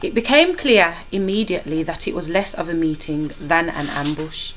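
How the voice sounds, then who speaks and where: A woman teacher reading a children's novel aloud to her class in a lively, expressive way. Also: on the low side, normal speed, slight background noise.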